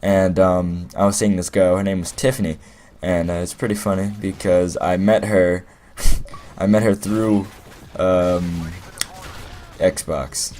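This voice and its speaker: Deep-voiced young man rambling a story. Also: steady tone, slow, a little mellow, a little hiss or hum. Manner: rambling and playful, heavy on fillers. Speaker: gaming commentator. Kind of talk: casual storytelling over gameplay commentary.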